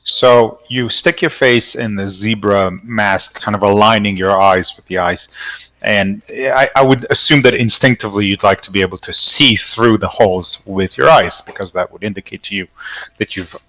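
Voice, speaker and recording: A man narrating as dungeon master, slow and hesitant with many fillers. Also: on the low side, sharp tone, no echo, low-quality recording. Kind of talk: narrating a tabletop game.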